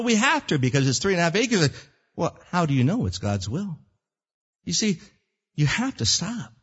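A man preaching with a lively, swooping voice that sits a little high and sounds husky. He acts out prayers in little character voices as he teaches. The sound is dull and lo-fi, with a long echo from the church hall. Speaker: pastor. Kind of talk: sermon.

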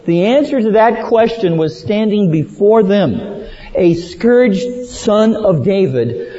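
Slow, dark-voiced preacher man in a hall. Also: expressive. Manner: slow, dramatic preaching with rising emphatic peaks and low trailing ends. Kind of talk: sermon. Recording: dull lo-fi sound with long hall reverb.

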